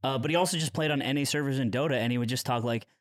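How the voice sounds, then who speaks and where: A man's voice: medium pitch, very fast, no echo, studio quality. A man hosting a podcast, telling long rambling stories and putting on voices when he quotes people. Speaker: podcast host. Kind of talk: casual podcast chat.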